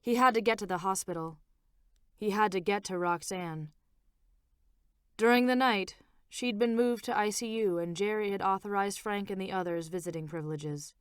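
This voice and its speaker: A woman author narrating her own novel as an audiobook in a measured, expressive reading. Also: mid-range voice, clean tone, dry recording, studio quality.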